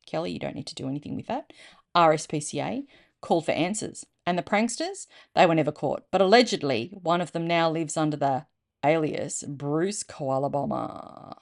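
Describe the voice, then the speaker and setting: Australian woman, middle-aged, low gravelly voice, chatty digressive storyteller. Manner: chatty, digressive, explains local terms. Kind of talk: casual storytelling reading.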